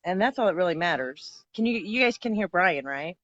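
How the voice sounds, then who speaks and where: A woman's voice: fairly low pitch, animated, fairly quick, highs cut off, slight background noise. A woman hosting a casual live stream, teasing her guest and swearing freely.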